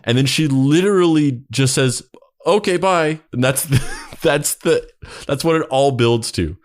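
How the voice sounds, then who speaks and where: A man's voice: medium pitch, normal speed. A man reading a bad story aloud in a mock-dramatic way, then joking about it with a co-host. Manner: animated, laughing, mock-dramatic. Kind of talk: mocking dramatic reading and banter.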